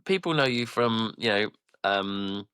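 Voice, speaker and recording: A man's voice: fairly low pitch, expressive, a little slow, sharp tone, clean tone, no room sound, clean studio sound. A man in his forties co-hosting a podcast, chatting casually and often restarting his sentences. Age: 40s. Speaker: podcast co-host. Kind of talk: casual chat.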